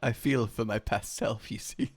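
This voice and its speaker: A young man co-hosting a casual gaming chat, excitable and playful, bursting into shouts and laughs. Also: lowish voice, normal speed, vocal fry. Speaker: gamer co-host.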